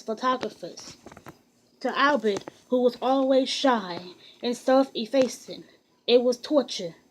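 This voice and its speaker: A woman reading a biography aloud in a steady, even storytelling manner with occasional restarts. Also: on the high side, slight background noise, poor audio. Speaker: narrator.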